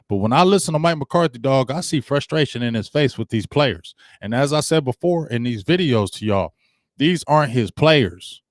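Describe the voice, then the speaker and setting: A man hosting a casual live-stream sports talk show, animated, acting out quoted coaches and answering viewers. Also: medium pitch, normal speed, dry recording, clean studio sound.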